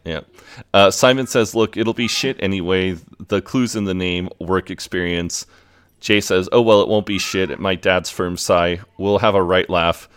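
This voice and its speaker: A man's voice: sits low, fairly even intonation, moderate pace, a bit bright, smooth, no room sound. A man co-hosting a podcast, recapping an episode in an easygoing, eager way. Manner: easygoing, eager, fond of the show. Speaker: podcast co-host.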